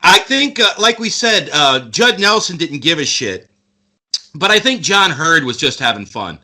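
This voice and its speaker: A man's voice: fairly high pitch, big pitch swings, unhurried, sharp tone. A man guesting on a movie podcast, talking in casual chat that rambles with restarts and mock quotes of actors.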